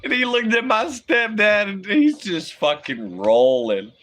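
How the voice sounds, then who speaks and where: A man's voice: sits high, big pitch swings, a little slow, fairly bright tone. A man in his thirties telling childhood stories casually on a livestream, swearing freely and laughing often between lines. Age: 30s. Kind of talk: casual storytelling.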